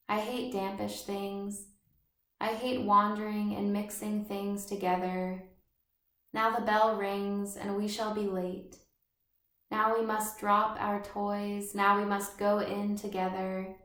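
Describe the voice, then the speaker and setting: A woman reading as a fastidious serious schoolboy. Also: mid-range voice, flat delivery, fairly bright tone, echoey room. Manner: measured literary reading. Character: precise orderly serious schoolboy.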